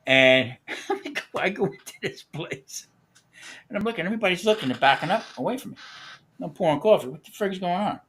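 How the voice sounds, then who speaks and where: A bright, forceful-sounding man hosting a casual live stream. He spins a long, profane anecdote, laughing often between lines. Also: a little high, husky. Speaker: host.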